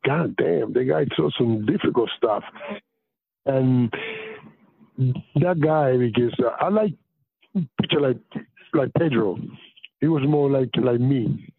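Calling in on a thin, tinny phone line, a retired pitcher swaps relaxed stories as a podcast guest. He has a gravelly mid-range voice without echo, and he's lively and profane, performing quotes at full volume.

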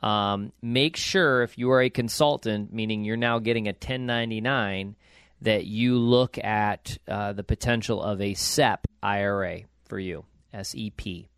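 A man's voice: on the low side, fairly even intonation, a little slow, fairly bright tone, smooth, no room sound, clean studio sound. A man hosting a casual finance podcast, chatty and upbeat with plenty of fillers. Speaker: podcast host.

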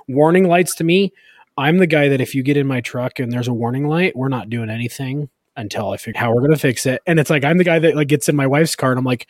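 A middle-aged male podcast co-host talks casually in a self-deprecating way, peppering his speech with "like". His voice sits at an average pitch and sounds dry and close. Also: dry recording. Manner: self-deprecating, chatty, full of "like". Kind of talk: casual chat.

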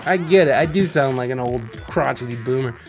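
A man's voice: mid-range voice, a little fast, faint music behind. A man hosting a podcast, talking casually with lots of swearing and restarts. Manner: swears freely, rambling with many restarts. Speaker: podcast host.

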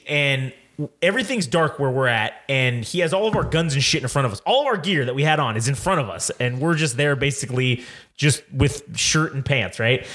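A man hosting a podcast, telling a long story in a casual, animated way, swearing often and laughing as he goes. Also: fairly high pitch. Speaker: podcast host.

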